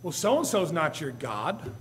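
A man, a pastor, preaching a sermon in a church, swinging between quiet asides and loud, rising appeals and acting out whiny quotes. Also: on the high side, sing-song, a little slow, husky, big-room sound. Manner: preaching with sudden rises and drops in loudness, acting out whiny quotes. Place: church sanctuary.

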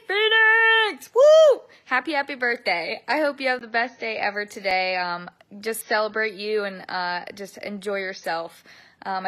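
A woman's voice: medium pitch, pushed and bright. A woman giving a bubbly, affectionate birthday message. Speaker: family member giving birthday wishes. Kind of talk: recorded video message.

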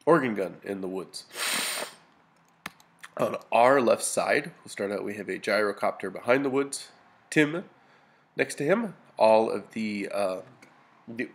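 A man's voice: lowish voice, gravelly. A man, a bit sniffly, casually narrating a tabletop battle report over photos, with lots of fillers and restarts. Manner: casual, many fillers and restarts, dry humor. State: a little sniffly. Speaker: hobby gamer reporting a battle.

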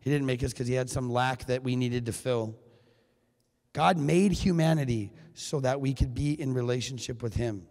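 A man giving a keynote talk at a men's conference, animated and joking, acting out quoted lines in his own voice. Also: mid-range voice, moderate pace. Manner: animated, jokey, acts out quotes. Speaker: keynote speaker. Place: high school venue. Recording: long hall reverb.

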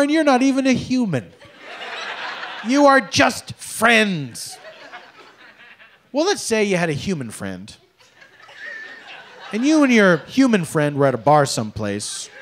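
A man doing stand-up with a high, lively voice that swoops up and down as he plays up mock politeness. His delivery is big and exaggerated, and faint noise sits under the stage mic. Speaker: stand-up comedian. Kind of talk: stand-up comedy set. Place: comedy club stage with a laughing audience.

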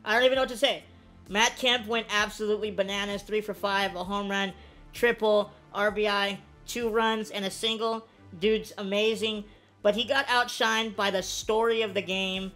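A woman giving casual commentary on her own video game play, swinging from low-key play-by-play to loud, excited yelps. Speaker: gaming video creator.

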